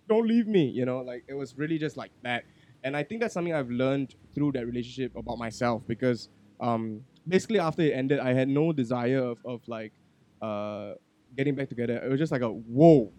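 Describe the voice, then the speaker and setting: A man, a podcast guest talking candidly and with plenty of swearing, moving from quiet reflection into loud, animated storytelling. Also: mid-range voice. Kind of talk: casual podcast chat.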